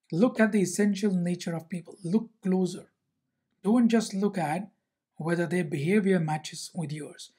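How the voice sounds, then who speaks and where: A teacher telling a Zen story and explaining it in a measured way, often asking "see?". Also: medium pitch, dark tone, husky. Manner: measured, repeats rhetorical questions and "see?".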